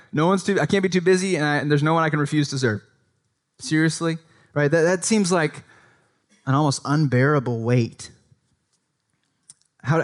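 Conversational male preacher. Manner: conversational, often adds "right?" to invite agreement; acts out quoted speech in a livelier, higher voice. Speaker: pastor. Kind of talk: sermon.

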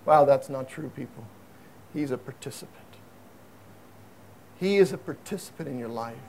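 A man preaching a sermon in an earnest way, swinging from emphatic raised passages to low, quiet asides. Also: expressive, moderate pace, vocal fry, slight background noise. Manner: earnest, rises to emphatic high peaks then drops low and quiet.

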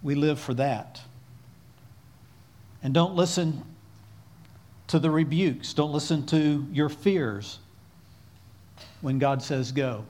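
A man's voice: fairly high pitch, a little mellow. A man preaching a sermon in an earnest, exhorting way, calling on his listeners to repeat lines after him.

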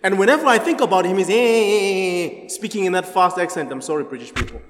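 A man's voice: high voice, big pitch swings, racing, fairly bright tone. A man leading an interactive Bible study, chatty, laughing often and quizzing the group. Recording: echoey hall.

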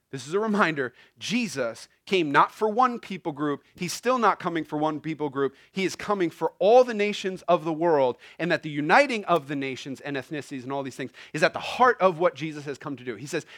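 A young man preaching a sermon, animated and casual, rising to near shouts on key points. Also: high voice, no echo, studio quality. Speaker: pastor.

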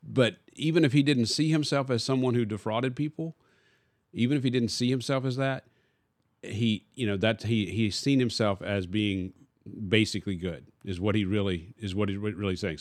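A man's voice: lowish voice, fairly even intonation, a little fast, dry recording, studio quality. A man, a pastor, teaching casually in a discussion and posing rhetorical questions to his listener.

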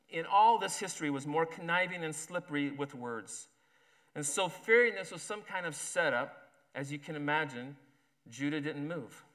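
A man's voice: fairly high pitch, fairly bright tone. A man preaching a sermon, then reading a story aloud and voicing its characters. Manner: reads a story aloud, acting out the characters' lines. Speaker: pastor.

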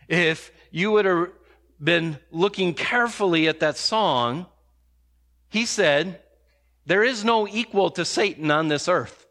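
Male pastor, high bright voice, emphatic sermon delivery. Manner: emphatic, varies pace for emphasis.

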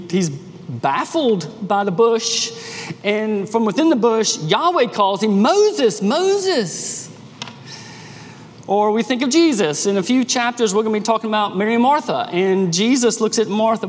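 A man preaching a sermon as pastor, emphatic and animated, restarting his phrases as he builds each point. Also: sits high. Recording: long echo of a hall, faint ambience.

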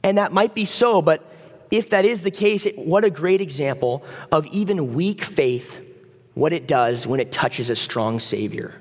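A man preaching a sermon in a conversational, animated way, acting out the voices of the people in the story. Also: on the high side, measured pace. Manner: conversational, animated, acts out voices of biblical figures. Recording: long reverb of a hall.

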